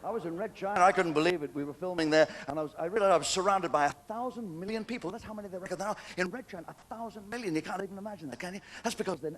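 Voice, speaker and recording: A man's voice: high voice, racing, hardly any pauses, big-room sound. An older English man doing a stand-up comedy routine, chatty and cheeky, chuckling between jokes. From England. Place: theatre stage with a live audience. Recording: noisy 1990s VHS stage recording.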